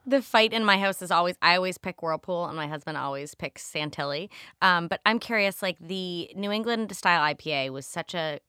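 Bright-voiced woman host, dry close sound. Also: on the low side, brisk, smooth, no room sound. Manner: curious, chatty, friendly questions. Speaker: podcast host. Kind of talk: casual interview questions.

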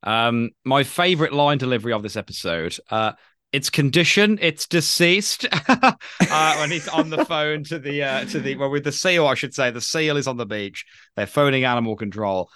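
A man's voice: medium pitch, brisk, a bit bright, clear, resonant tone, no echo, clean studio sound. A man co-hosting a podcast, chatting casually and reacting with enthusiasm. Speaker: podcast co-host. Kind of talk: casual chat.

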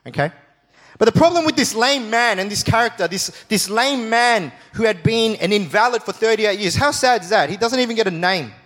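A man giving a sermon, telling the story with animated emphasis, jokey asides and repeated phrases. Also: sits high, fairly quick, in a large hall. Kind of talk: sermon teaching.

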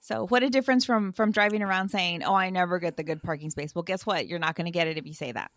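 A woman's voice: lowish voice, quick pace, a bit bright, no room sound. A woman psychotherapist speaking as an interview guest, affirming and encouraging. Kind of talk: casual interview chat.

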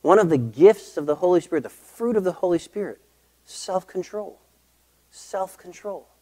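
A middle-aged man preaching a sermon as pastor, emphatic, repeating key phrases and slowing down to stress them. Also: high-pitched, lively intonation, mellow.

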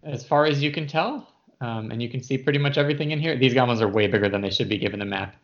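A man narrating a tabletop game as game master, chatty and relaxed with many fillers. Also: mid-range voice, fast talker. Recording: dull lo-fi audio.

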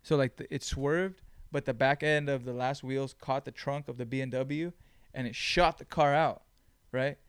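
A man hosting his own podcast, telling stories in a blunt, animated way with plenty of swearing. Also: medium pitch, moderate pace, smooth, dry recording, clean studio sound. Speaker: podcast host. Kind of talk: casual chat.

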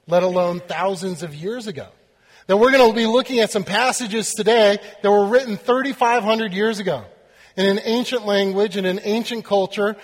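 High-voiced preacher in a reverberant hall. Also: male voice. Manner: animated storytelling, acting out voices. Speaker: pastor. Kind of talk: sermon.

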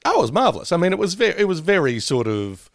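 A man's voice: high voice, big pitch swings, quick pace, gravelly, no echo, studio quality. A man co-hosting a podcast, meandering through memories with frequent laughs. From Australia. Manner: meandering, reminiscing, laughs often. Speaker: podcast co-host. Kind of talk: casual chat.

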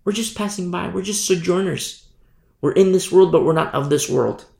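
Emphatic preacher with a gravelly voice. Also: male voice, high voice, moderate pace, darkish tone. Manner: emphatic, repeats "you see?". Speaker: pastor. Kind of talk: sermon. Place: church hall. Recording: echoey room.

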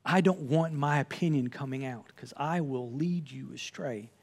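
A man's voice: mid-range voice, normal speed, gravelly, darkish tone. A man preaching a sermon from the pulpit, earnest and conversational, quoting scripture as he teaches. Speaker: pastor.

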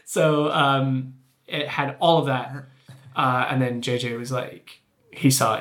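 Casting note: male guest, chatty storyteller, mid-pitched, slightly echoey room. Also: slow. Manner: animated, acts out quotes in his story. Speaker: creature performer guest. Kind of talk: casual storytelling chat. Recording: roomy echo.

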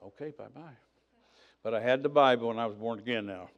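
A man's voice: mid-range voice, brisk, muffled recording. An older man preaching, telling his own story in a conversational way and acting out the dialogue. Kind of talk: sermon testimony.

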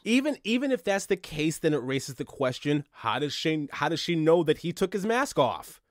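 A man co-hosting a casual podcast chat, excitable and exclaiming, stammering when he gets worked up. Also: fairly high pitch, normal speed, no echo, clean studio sound. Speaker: podcast co-host.

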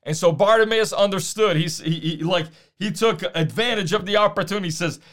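A man preaching a sermon, emphatic, slowing down to repeat key lines. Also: high-pitched, a bit bright.

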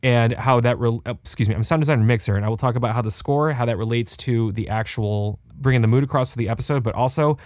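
A young adult man co-hosting a casual podcast from his home studio, animated and joking, swearing freely. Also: mid-range voice, quick pace, hardly any pauses, no echo. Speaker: podcast co-host.

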